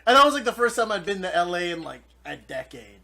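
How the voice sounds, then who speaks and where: A man's voice: high-pitched, sing-song, quick pace, vocal fry, pushed and bright. A man co-hosting a podcast, telling a story in casual, profane chat and laughing as he goes. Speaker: podcast co-host.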